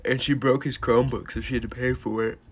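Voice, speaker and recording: Talking fast in a mid-range voice with a level tone and a breathy edge, a teenage YouTuber tells a storytime vlog. He rambles, curses, and leans on "like" and "uh" throughout.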